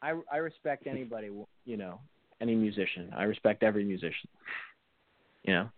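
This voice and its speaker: A young man, a musician guest, chatting in a halting way with many fillers and restarts. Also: fairly low pitch, lively intonation. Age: young adult. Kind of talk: casual interview chat. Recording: tinny phone-like line.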